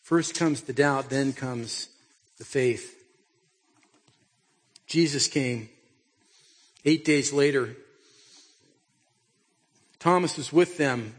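A man's voice: mid-range voice, drawn-out words, pauses often, long reverb tail. A middle-aged man preaching a sermon as a pastor, telling stories in a conversational way and putting pointed questions to his listeners.

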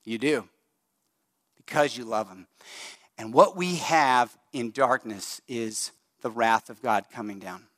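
A middle-aged male pastor preaching a sermon in a conversational, animated way, speeding up and slowing down for emphasis. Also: medium pitch, no echo, clean studio sound. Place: church sanctuary.

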